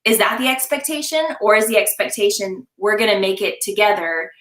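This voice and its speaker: A young woman with a bright, forceful voice talks in a lively, animated way and keeps breaking into laughter. She acts out short scenes as she chats. The sound carries some room echo. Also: mid-range voice, a little fast. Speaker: confidence coach, guest. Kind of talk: casual live-stream chat.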